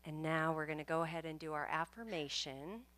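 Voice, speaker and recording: Woman service leader, low and bright tone, calm guided-prayer delivery. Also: brisk. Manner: calm, soothing, invites deep breaths. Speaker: service leader giving the blessing. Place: spiritual center service room.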